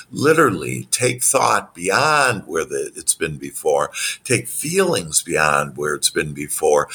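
A man working as a business coach, giving motivational answers in an interview with spiritual self-help phrasing and animated delivery. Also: creaky, breathy edge. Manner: animated, acts out quoted dialogue in a higher voice.

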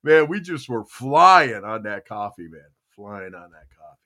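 A man's voice: medium pitch, a little slow. An older American man hosting a podcast, telling stories in a casual rambling chat and acting out dialogue. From United States. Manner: storytelling, animated, acts out dialogue. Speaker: podcast host.

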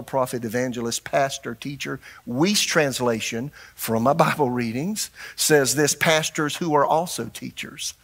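An older man preaching a sermon as pastor, animated and shifting his delivery, putting questions to the congregation. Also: mid-range voice.

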